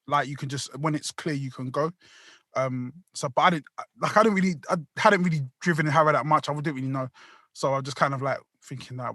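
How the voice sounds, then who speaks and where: A man with a high, bright voice, rambling through a story full of slang and swearing. The sound is close and dry. It is casual podcast storytelling. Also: brisk, no room sound. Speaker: podcast co-host.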